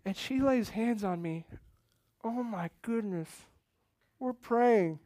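A man's voice: high-pitched, slow pace, no echo. Male pastor, earnest sermon storyteller, dry close sound. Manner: earnest storytelling, swings from hushed to loud emotional outbursts.

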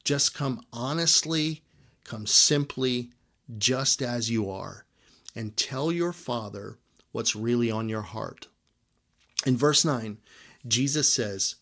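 A man's voice: medium pitch, expressive, slow, fairly bright tone. Conversational male pastor preaching a sermon. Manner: conversational preaching with frequent "right?" check-ins.

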